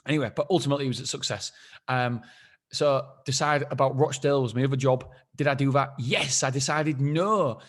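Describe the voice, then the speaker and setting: A man's voice: medium pitch, a little fast. A man hosting a casual solo podcast, rambling and self-deprecating, often repeating himself as he talks things through. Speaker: podcast host.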